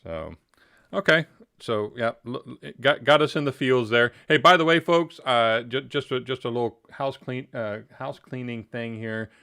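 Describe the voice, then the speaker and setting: A man's voice: medium pitch, normal speed, creaky, sharp tone, clean tone. A man hosting a casual livestream interview, chatty and joking as he asks personal questions.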